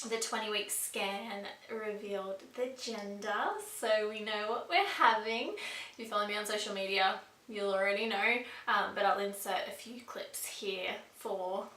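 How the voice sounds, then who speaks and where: A woman's voice: mid-range voice, steady tone, measured pace, pushed and bright. A pregnant woman in her twenties chatting casually and upbeat in a vlog, with frequent fillers. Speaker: vlogger. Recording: echoey room, mic a bit distant.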